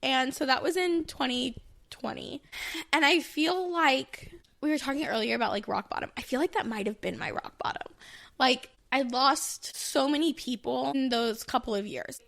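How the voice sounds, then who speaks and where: A woman in her thirties shares her own story in a loose, candid podcast chat. Her voice sits a little high, and she rambles with plenty of fillers and restarts. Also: normal speed, creaky, fairly bright tone. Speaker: podcast co-host. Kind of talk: casual personal storytelling.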